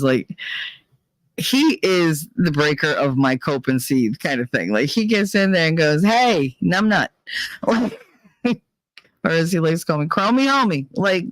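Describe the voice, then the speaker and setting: A channel host from New Jersey, his voice fairly high and free of room sound, speaks candidly to his viewers. His monologue is rambling, profane and confessional, and he sometimes mimics other people.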